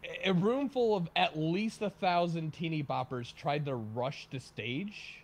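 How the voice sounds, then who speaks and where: A man chatting casually on a livestream, telling stories with loud bursts of emphasis and laughter. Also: a little high, measured pace.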